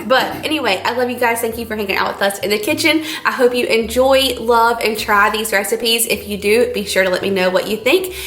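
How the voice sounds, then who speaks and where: A woman's voice: a little high, brisk, few pauses, fairly bright tone. A woman hosting a casual cooking vlog from her home kitchen, bubbly and gushing. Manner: bubbly, gushing, says y'all often. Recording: roomy kitchen echo, faint music.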